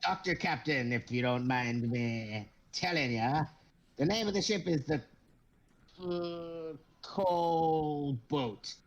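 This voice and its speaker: A boastful, bumbling kobold sea captain, as a man puts him on. The high, gravelly voice stretches its words slowly and chuckles at its own jokes. It sounds like a tabletop game session. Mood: pleased. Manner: boastful, chuckling, drawn-out goofy delivery.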